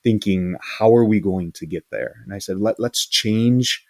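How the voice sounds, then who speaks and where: A man's voice: lowish voice, moderate pace, no echo. A man hosting an interview who leads a school, speaking earnestly and thoughtfully and often restarting his phrases. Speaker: interview host, school leader. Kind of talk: casual interview talk.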